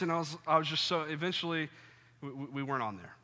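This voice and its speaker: Young male pastor, storytelling sermon, slightly high bright voice, playful and animated, echoing sanctuary. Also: fast. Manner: animated, jokey, acts out scenes with sudden loud bursts. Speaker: preacher. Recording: long hall reverb.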